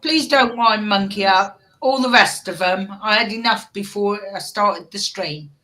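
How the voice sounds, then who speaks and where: A woman's voice: mid-range voice, unhurried, bright, forceful tone. A woman hosting a casual livestream chat, laughing often and teasing her friends. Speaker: livestream host.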